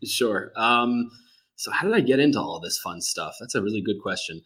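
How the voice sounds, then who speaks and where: Male podcast guest with a low voice, relaxed and chatty. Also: normal speed, husky. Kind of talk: casual interview conversation.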